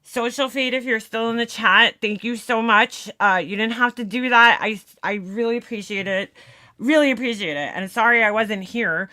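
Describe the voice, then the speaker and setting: A young woman talks to her live stream chat in a loose, chatty way, dropping the odd swear word as she greets people. Her voice is bright and forward, and she sounds a little winded. She keeps things casual and friendly. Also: fairly high pitch, moderate pace. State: out of breath.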